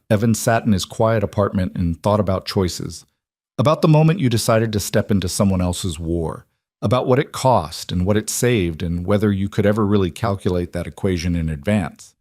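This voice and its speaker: A man narrating a scripted drama story in a measured, terse way, recorded close on a studio mic. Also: on the low side, a little mellow, no echo.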